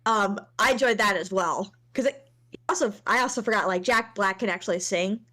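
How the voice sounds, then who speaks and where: A woman's voice: mid-range voice, brisk, pushed and bright. A woman chatting as a podcast guest over a video call. She talks casually and hesitantly, searching for words with plenty of fillers. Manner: hesitant, many fillers, laughs easily. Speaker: guest, co-worker of host. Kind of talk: casual chat.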